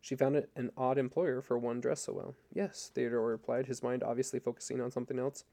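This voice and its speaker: A man reads a novel aloud at an even, measured pace. His voice is dark and mellow. A gravelly texture runs through his words. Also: mid-range voice. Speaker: narrator. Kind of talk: audiobook reading.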